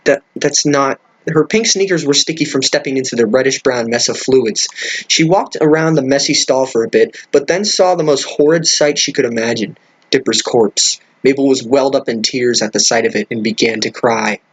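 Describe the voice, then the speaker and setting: A man's voice: mid-range voice, normal speed, slightly rough. A man reading a crude story aloud, stumbling over words and breaking off with incredulous, swearing remarks. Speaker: comedic reader. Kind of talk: reading a fan fiction aloud with commentary.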